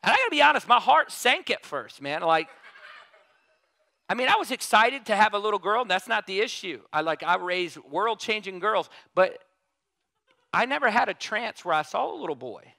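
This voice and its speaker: A man preaching a sermon in a casual, animated way, telling a story and repeating emphatic refrains. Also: high voice, normal speed, vocal fry.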